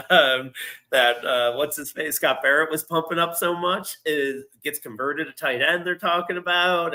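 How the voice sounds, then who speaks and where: Bright-voiced rambling male podcast host. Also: medium pitch. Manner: rambling, laughs often, many restarts. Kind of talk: casual sports chat.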